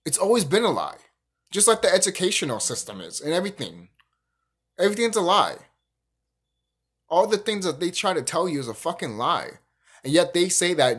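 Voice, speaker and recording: A man's voice: a little high, very animated, moderate pace, a bit bright, breathy edge. A young man hosting his own channel, ranting emphatically and profanely in a casual spiritual monologue, often restarting his sentences. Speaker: YouTube channel host.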